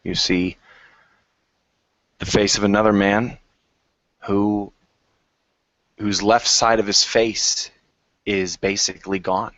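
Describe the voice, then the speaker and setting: Low-voiced man as game master. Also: level tone, a bit bright, no echo. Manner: descriptive, measured narration. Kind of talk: narrating a tabletop game. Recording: dry lo-fi recording.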